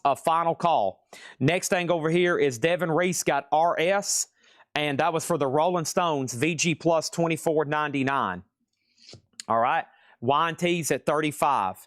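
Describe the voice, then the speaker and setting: Guy running a live record auction stream, kinda high voice, dry close sound, joking and repeating himself fast. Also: no echo. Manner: joking, rapid-fire, repeats phrases. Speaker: host of a live vinyl record sale. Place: record shop with crates.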